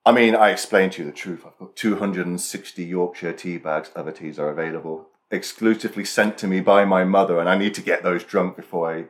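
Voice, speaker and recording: A man with a very low voice co-hosts a podcast. He speaks with dry, teasing humor and keeps quizzing his partner in casual chat. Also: steady tone, a little fast, hardly any pauses. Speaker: podcast co-host.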